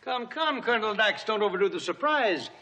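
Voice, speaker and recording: An actor playing a scheming, condescending older army general who talks in a smooth, patronizing way. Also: male voice, high voice, animated, fairly quick, pushed and bright, heavily acted. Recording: old film soundtrack with long reverb.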